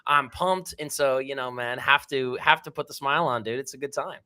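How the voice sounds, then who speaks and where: A man's voice: medium pitch, brisk, sharp tone, clean tone. An enthusiastic man, guest on a livestream, talking casually through a remote call microphone with lots of slang. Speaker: guest, NFT collection co-founder.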